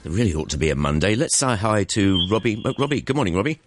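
A man's voice: on the low side, very animated, fast, slight background noise. A man hosting a morning radio show, jovial and laughing often as he chats with a guest. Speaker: radio host.

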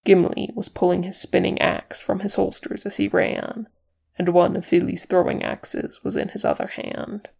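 A reader narrating a fantasy chapter in an even, unhurried storytelling manner. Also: mid-range voice, vocal fry, husky. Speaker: audiobook reader. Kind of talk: fan fiction narration.

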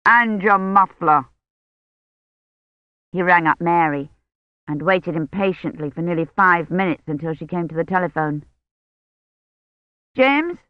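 Measured audiobook narrator, dry sound. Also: mid-range voice, steady tone, no echo. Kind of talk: scripted narration. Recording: dull, dry lo-fi recording.

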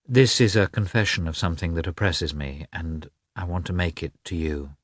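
A man reading the part of an emotional, tearful young noblewoman, his voice lifting high and tremulous as she confides. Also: normal speed, dry recording, clean studio sound. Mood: earnest, tearful.

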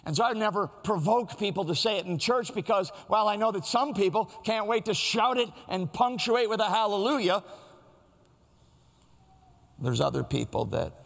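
A man delivers a sermon in a relaxed, storytelling manner, his voice slightly higher than most men's. There is a gravelly fry in his tone, and long reverb hangs behind him as if from a large church hall. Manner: preaching with a conversational, storytelling tone. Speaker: pastor.

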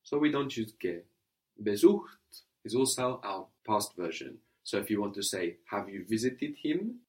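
Male language tutor, slightly low voice, patient, explains step by step. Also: sing-song, measured pace, a little mellow. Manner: patient, repeats answers and explains grammar step by step. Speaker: language teacher. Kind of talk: spoken language lesson.

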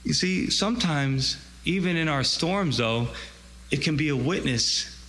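A man's voice: fairly high pitch, expressive, measured pace, fairly bright tone, long reverb tail, rough recording. Man preaching a conversational sermon. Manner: conversational, acts out scripture dialogue.

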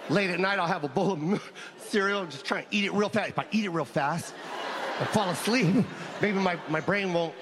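A man doing a stand-up comedy set, loud and animated, laughing at his own jokes. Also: high voice, normal speed, noisy background. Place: live comedy venue with audience.

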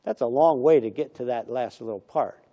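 A man's voice: mid-range voice, normal speed, dark tone, highs cut off. A middle-aged pastor preaching a conversational sermon, acting out little everyday dialogues as he goes.

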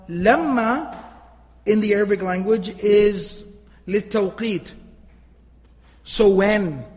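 A man's voice: high-pitched, darkish tone, in a large hall, poor audio. A man teaching Quranic grammar, emphatic and asking rhetorical questions, often repeating himself. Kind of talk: explaining Quranic grammar to listeners.

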